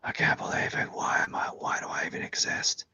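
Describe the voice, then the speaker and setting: A man's voice: brisk, lightly acted. A man putting on a whispered role-play of an awestruck online fan who gushes over an artist and despairs of his own work. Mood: awed despair. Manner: breathy, overwrought whispering.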